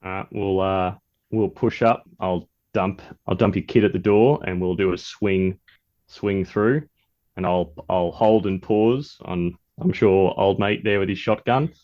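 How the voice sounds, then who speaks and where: A man's voice: low voice, a little slow, a little mellow, highs cut off. A man with an Australian accent from Newcastle, speaking as a tabletop game player in a rambling way.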